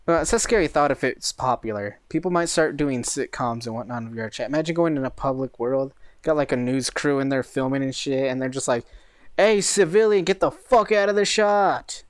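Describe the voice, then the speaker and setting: A man's voice: medium pitch, a little fast, hardly any pauses, no echo. Joking man on a dry mic. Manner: joking, crude banter. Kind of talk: casual chat.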